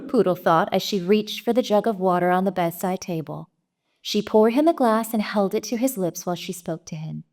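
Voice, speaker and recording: Woman, story narrator, live reading, expressive. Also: mid-range voice, normal speed. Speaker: story reader.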